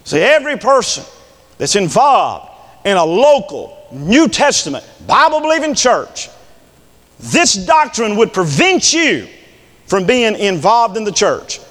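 A man preaching a fiery sermon, swinging between shouted peaks and quiet drops. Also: sits high, sing-song, measured pace. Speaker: pastor. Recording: long echo in a church hall.

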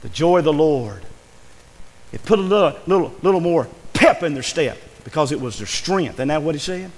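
A man's voice: on the high side, animated, brisk, in a large hall, low-quality recording. A man preaching a sermon in a church, earnest and pleading, his voice rising with emotion. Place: church sanctuary.

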